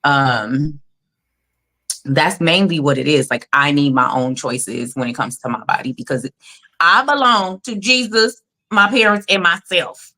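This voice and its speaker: Woman in her 30s, lowish voice, candid and profane, emphatic, casual chat over a video call. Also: unhurried, bright, forceful tone. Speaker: co-host and mother. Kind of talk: casual chat on a livestream panel.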